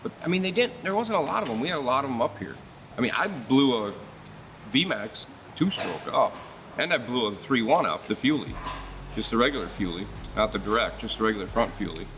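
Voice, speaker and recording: This is a man with an ordinary, mid-pitched voice, holding forth in easygoing shop talk. He rambles from one story to the next, speaks bluntly and curses without a second thought. A bit of music sits faintly in the background. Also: animated, brisk, fairly bright tone. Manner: blunt, rambling storyteller who swears freely. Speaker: marine service shop host.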